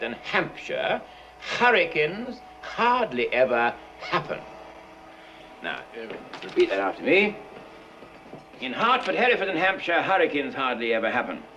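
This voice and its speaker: A man's voice: mid-range voice, a bit bright, a little hiss or hum. An actor playing an imperious phonetics professor, drilling his pupil in a theatrical, lecturing, exasperated way. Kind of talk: 1960s film musical acting.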